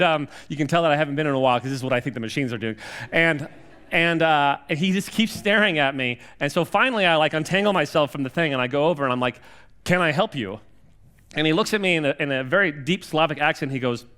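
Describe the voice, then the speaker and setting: A man's voice: on the high side, a bit bright. Chatty self-deprecating man preaching. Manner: chatty, self-deprecating, many restarts and fillers. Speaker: guest preacher. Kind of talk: humorous sermon. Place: church sanctuary.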